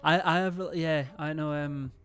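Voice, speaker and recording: A man's voice: a little high, fairly even intonation, a little slow, fairly bright tone, faint music behind. Young man, rambling stream chat. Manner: rambling and hesitant, full of fillers and swearing.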